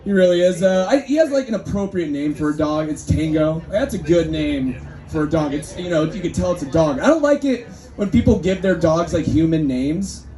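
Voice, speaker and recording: Guy doing stand-up at a restaurant, kinda high but mellow voice, rambly crowd work. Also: lively intonation, brisk. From Northern California. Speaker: stand-up comedian. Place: restaurant comedy night, indoors.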